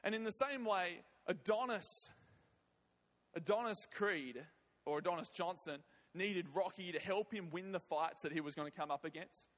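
High-voiced preacher man in a hall. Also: normal speed, fairly bright tone. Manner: emphatic, repeats words and phrases. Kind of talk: sermon with prayer. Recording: long reverb of a large hall.

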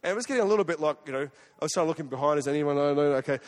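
Aussie guy preaching fast, chatty and animated, long echo like a big hall. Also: on the high side. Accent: Australian. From Australia. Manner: animated, conversational, jumps between loud and hushed. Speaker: guest preacher. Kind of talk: sermon with storytelling.

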